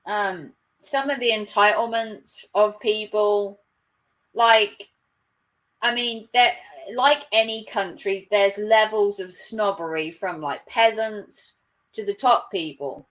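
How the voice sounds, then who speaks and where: A woman's voice: mid-range voice, takes it slowly, fairly bright tone, low-quality recording. A woman hosting a livestream, chatting casually and rambling with many fillers. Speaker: livestream host. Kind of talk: casual reaction chat.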